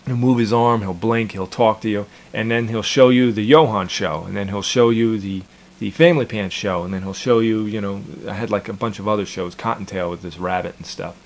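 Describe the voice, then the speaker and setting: A man's voice: fairly low pitch, brisk. A man in his thirties, a cartoon creator casually chatting in an interview, rambling and repeating his words with chuckles.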